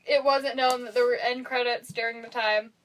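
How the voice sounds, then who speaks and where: A woman's voice: fairly high pitch, steady tone, moderate pace, a bit bright, slight background noise, poor audio. A young woman co-hosting a casual podcast, animatedly retelling movie scenes with frequent laughs. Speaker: podcast co-host. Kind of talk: casual chat.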